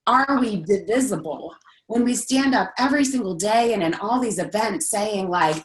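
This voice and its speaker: A woman's voice: on the high side, measured pace, pauses often, reverberant, poor audio. A woman in a casual group discussion, telling a rambling personal story with lots of "like" and restarts. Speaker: group member sharing a story.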